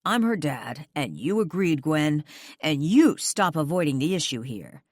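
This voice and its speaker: Female narrator playing a cursing rock star father, lowered voice, slow and steady delivery, audiobook. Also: no echo, clean studio sound, heavily acted. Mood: angry, hushed. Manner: soft and gentle with his child, blunt and cursing in arguments. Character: gruff young male rock star, protective dad.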